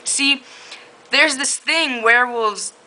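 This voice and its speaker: Cocky flirty werewolf guy, as a woman reads him, snarky, bright, giggly. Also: high voice, takes it slowly, slight background noise, pitched above the performer's own voice, full character voice, low-quality recording.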